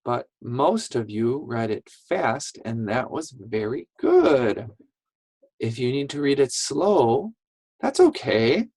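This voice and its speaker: A woman teacher giving a reading lesson to young children, animated and slow, with gasping praise. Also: extremely low pitch, breathy edge, dry recording, low-quality recording.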